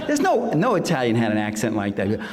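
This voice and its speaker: A man's voice: lowish voice, huge pitch swings, brisk, in a large hall. An older man giving a public lecture in a sardonic, mocking manner, sometimes putting on comic voices. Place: lecture hall.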